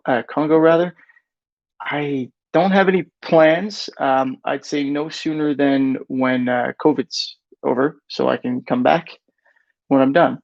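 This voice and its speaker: A man's voice: mid-range voice, steady tone, measured pace, gravelly, no echo, muffled recording. A man hosting a casual live Q&A, reading viewer questions aloud and often correcting himself as he answers. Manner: reads chat questions aloud, self-corrects with "rather".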